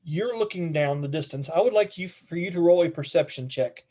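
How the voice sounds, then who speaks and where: A man's voice: on the high side, a little fast, dark tone. A man narrating as game master in a casual, rambling way, swearing now and then.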